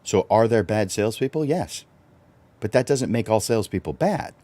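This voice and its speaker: A very deep, mellow-toned middle-aged man who hosts a livestreamed coaching talk. He is animated and chuckles often, his pitch leaping upward whenever he stresses a point. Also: normal speed, no room sound. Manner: animated, chuckling, swings up for emphasis. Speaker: host and photographer.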